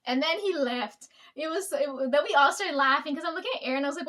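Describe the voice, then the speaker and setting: Young woman, high voice; loose, profane storyteller who laughs often. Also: quick pace, a bit bright. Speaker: vlogger. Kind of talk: casual storytelling.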